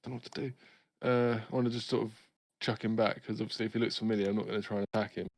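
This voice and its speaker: A man's voice: fairly low pitch, little pitch movement, rapid-fire, creaky, darkish tone, dry recording. A man playing a tabletop game, uncertain and hesitant. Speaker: player. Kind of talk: casual tabletop play.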